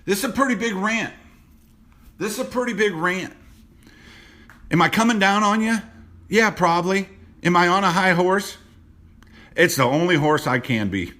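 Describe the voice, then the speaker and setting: A man hosting a motivational rant to camera, blunt and preachy, repeating himself, dropping low and quiet on personal points. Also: animated, normal speed, pauses often. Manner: blunt and preachy, repeats phrases, many restarts. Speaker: host.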